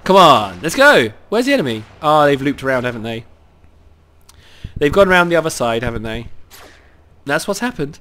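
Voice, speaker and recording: A man with a cold giving excitable live commentary over his own gameplay, cheering on teammates and talking to himself. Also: fairly high pitch, normal speed, long pauses, a little hiss or hum. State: has a cold.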